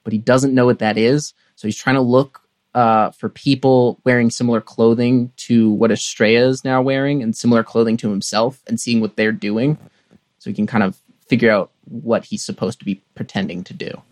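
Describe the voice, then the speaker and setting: A man's voice: medium pitch, fairly even intonation, moderate pace, no room sound. A man playing a tabletop role-playing game, chatting casually with dry, wry remarks. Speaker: player.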